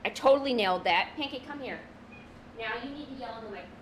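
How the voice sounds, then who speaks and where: Brief: young woman, high bright voice, giggly self-mocking streamer, faint room noise. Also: animated, quick pace, low-quality recording. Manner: giggly, self-mocking, talks to her cat. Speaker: streamer drawing from memory. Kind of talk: casual chat while drawing.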